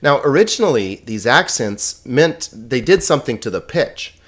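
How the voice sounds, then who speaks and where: A man teaching a lesson, speaking slowly and carefully, sounding out words syllable by syllable and checking in with the class. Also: mid-range voice, very animated, fairly bright tone. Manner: slow, deliberate, repeats words syllable by syllable; checks in with "okay?" and "right?". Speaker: Greek teacher.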